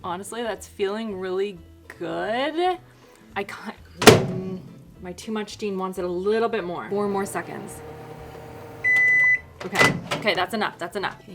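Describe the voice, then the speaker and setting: A woman filming a casual cooking vlog, chatty and excitable, talking straight to the camera. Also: mid-range voice, creaky. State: out of breath. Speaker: cooking vlogger.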